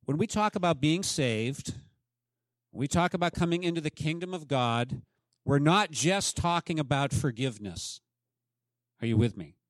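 A man's voice: a little high, animated, moderate pace, no room sound, studio quality. A man preaching a sermon as pastor, emphatic and often asking the congregation questions.

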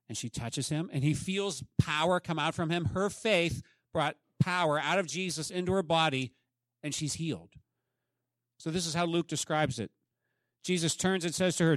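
A man's voice: a little high, expressive, unhurried, pauses often, no room sound, studio quality. A man preaching a sermon as pastor, emphatic and often asking the congregation questions.

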